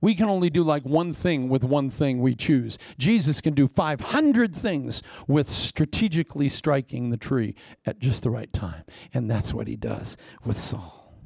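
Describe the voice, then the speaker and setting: A man preaching a sermon, blunt and teasing, swinging between sudden loud bursts and hushed, near-whispered asides. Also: mid-range voice, expressive, unhurried, gravelly, hardly any pauses, dry recording, studio quality. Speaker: pastor.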